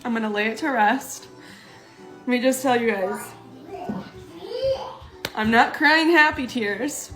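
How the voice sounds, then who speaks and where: A young woman speaks straight to her camera, earnest and apologetic, fighting back tears. Her voice sits a little high. The room rings with echo, and soft music plays underneath. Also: slow, long pauses. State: tearful, on the verge of crying. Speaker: social media poster. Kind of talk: emotional vlog to camera.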